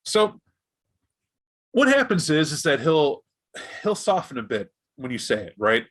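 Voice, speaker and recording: A man narrating as game master of a tabletop role-playing game, animated and jumping into characters' voices. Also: a little high, a little slow. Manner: animated, voices gang members in bursts.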